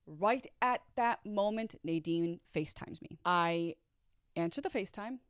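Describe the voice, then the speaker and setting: A woman from Chicago recounts her own story to viewers, chatty and sassy, tossing out asides and laughing often. Her voice sits a little low, and the recording is dry and close with no room sound. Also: measured pace, smooth, no echo. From Chicago, USA. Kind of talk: storytime vlog.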